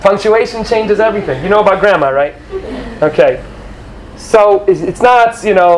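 A man giving an animated sermon to young students, acting out quoted voices and sprinkling in Hebrew terms. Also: high voice, moderate pace, slight background noise, rough recording. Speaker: rabbi or teacher addressing students.

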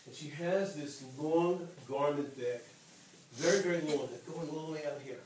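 A man telling a long personal story to an audience in an animated way, repeating phrases for emphasis and acting out the dialogue. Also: fairly high pitch, moderate pace, a little hiss or hum. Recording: echoey hall from far off.

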